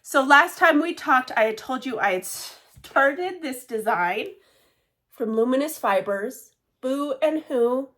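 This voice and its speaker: A woman's voice: high voice, animated, slow, fairly bright tone. A woman casually chatting about her cross-stitch projects, rambling with many fillers and side remarks. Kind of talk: casual show-and-tell chat.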